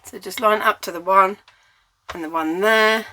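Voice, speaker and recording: Bright-voiced English woman teaching cardmaking. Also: medium pitch, normal speed, a little hiss or hum. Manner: chatty, explains step by step while working. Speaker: cardmaking tutor. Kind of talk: hands-on craft tutorial.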